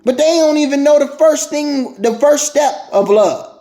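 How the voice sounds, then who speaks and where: Preachy high-voiced man in an echoey room. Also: moderate pace, dark tone. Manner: repetitive, preachy, stammering restarts. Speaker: vlogger. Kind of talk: casual monologue to viewers.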